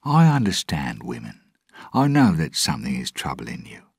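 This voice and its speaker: Narrator voicing a sly pirate captain, very deep husky voice, coaxing. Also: male voice, huge pitch swings, normal speed, no room sound, studio quality, full character voice. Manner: coaxing, self-assured. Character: roguish male ship captain, boastful and sly.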